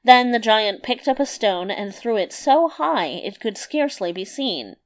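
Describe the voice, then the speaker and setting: A woman narrating a fairy tale in a measured, expressive read-aloud manner. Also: a little high.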